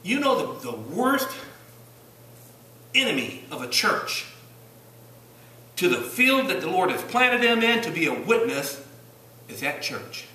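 A man's voice: sits high, big pitch swings, unhurried, long pauses, pushed and bright. A man from Virginia with a Southern accent preaching a sermon, emphatic, with rhetorical questions to the congregation. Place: church sanctuary. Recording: roomy church recording from some distance.

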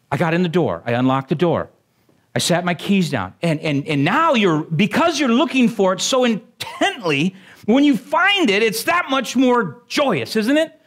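Animated high-voiced male preacher. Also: measured pace. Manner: animated, rising to exclamations; jokey asides to the congregation. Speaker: pastor. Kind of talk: sermon.

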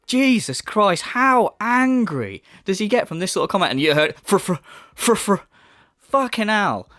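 A man's voice: high-pitched, very animated, moderate pace, bright, forceful tone, no room sound, clean studio sound. A man hosting a sarcastic commentary, swearing often and mocking what he reacts to. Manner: mocking, laughing, swearing, mimics voices. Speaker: commentary channel host.

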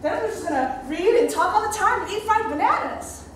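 A woman's voice: extremely high pitch, animated, fairly quick, slight background noise. A young woman performing a dramatic monologue on stage, telling her story in a vivid, playful way. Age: young adult. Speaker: stage actress. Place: theater stage. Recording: very echoey stage from far off.

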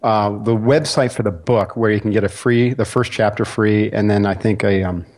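A man's voice: fairly low pitch, moderate pace. A man talking as a podcast guest, telling stories easily and laughing along. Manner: relaxed storyteller, laughs easily. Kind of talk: casual interview talk.

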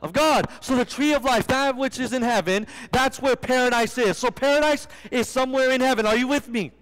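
A man's voice: very high-pitched, a little fast, fairly bright tone. A young man preaching a sermon, often quizzing the congregation with rhetorical questions. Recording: long hall reverb.

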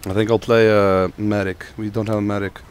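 A gamer with a sore throat and a fairly low voice gives brisk, jokey running commentary while he plays. Excitable, he talks to teammates and himself over a faint noise floor.

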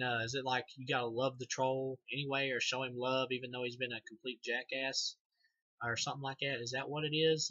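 A man's voice: medium pitch, pushed and bright, no echo, muffled recording. A man giving a casual, rambling movie review, loose and profane, laughing and restarting as he goes.

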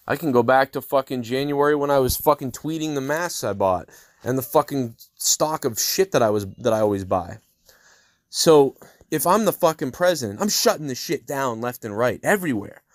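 A podcast host in his thirties delivering an angry, heavily profane solo rant, swearing constantly and working himself up into loud outbursts. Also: mid-range voice, lively intonation, normal speed, dry recording, clean studio sound.

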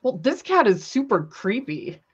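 A woman's voice: fairly high pitch, very animated, unhurried, husky, dull audio. A woman art instructor chatting casually and laughing often while she paints with ink.

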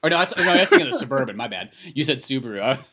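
A man co-hosting a podcast, telling quick joking stories in casual chat and swearing a lot. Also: mid-range voice, sing-song, bright, forceful tone, breathy edge. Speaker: podcast co-host.

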